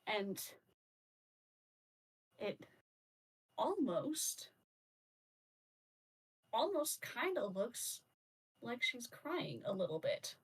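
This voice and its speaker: Slow, halting woman narrating her character. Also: mid-range voice, big pitch swings, breathy edge, distant mic, low-quality recording. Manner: halting, filler-heavy narration. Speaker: player.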